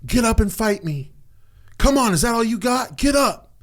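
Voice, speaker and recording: A man's voice: fairly high pitch, fairly quick, lightly acted. A contemptuous, taunting man barks insults at a boy, as a storyteller quotes him. The voice rises a little above the teller's normal register but stays close to an everyday voice. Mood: aggressive. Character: abusive adult man taunting a teenager.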